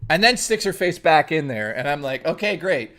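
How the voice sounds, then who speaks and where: A man streaming from home, telling a long anecdote to his chat in a casual, profane, lively way. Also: on the high side, fairly quick.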